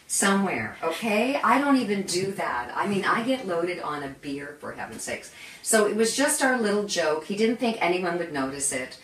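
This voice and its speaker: A woman hosting a live cooking demonstration in her home kitchen, chatty and animated, full of self-deprecating asides. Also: on the low side, moderate pace, slight background noise. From Canada. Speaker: cooking show host. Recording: echoey kitchen, mic at a distance.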